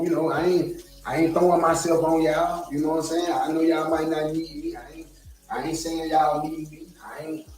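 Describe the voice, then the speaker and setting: A man's voice: on the high side, distant mic. Heated, profane Southern man ranting. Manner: profane, heated, repeats himself. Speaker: streamer. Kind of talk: ranting live stream. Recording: echoey room, from off mic, faint music.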